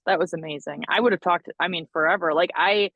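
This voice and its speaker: A woman's voice: on the low side, fast talker, a bit bright, husky, no room sound, muffled recording. A young adult woman co-hosting a podcast, telling stories animatedly with frequent laughs and self-deprecating asides. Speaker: podcast co-host. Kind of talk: casual chat.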